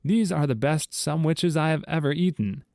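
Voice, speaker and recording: A man's voice: a little high, lively intonation, moderate pace, gravelly, darkish tone, no room sound, studio quality, pitched above the performer's own voice. A man voicing a stern male priest with a scolding manner.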